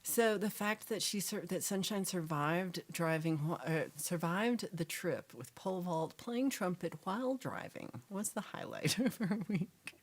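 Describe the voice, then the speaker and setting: A woman from Texas hosting a casual livestream chat, reading viewer comments in a chatty, animated way and sometimes dropping to a whisper. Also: lowish voice, unhurried, few pauses. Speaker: livestream host.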